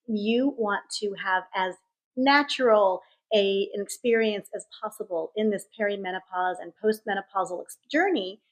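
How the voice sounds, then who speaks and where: A middle-aged woman host with a slightly higher-pitched voice, introducing the episode. She reads her lines with warm enthusiasm. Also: low-quality recording. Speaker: podcast host.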